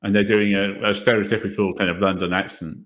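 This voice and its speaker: Deep-voiced male guest, relaxed and unassuming conversationalist. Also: fast. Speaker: podcast guest, language website creator. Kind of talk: casual interview conversation.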